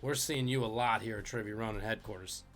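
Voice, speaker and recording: A man's voice: fairly low pitch, fairly quick, fairly bright tone, soft background music. A man hosting a live-streamed trivia game, joking and chatting with viewers between questions.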